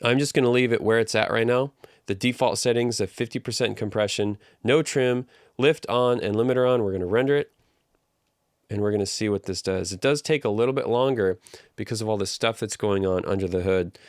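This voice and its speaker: A man teaching an audio engineering tutorial in a relaxed, conversational way, walking through each step. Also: lowish voice, a little fast, dry recording, studio quality. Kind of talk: casual tutorial explanation. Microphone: studio microphone through live compression.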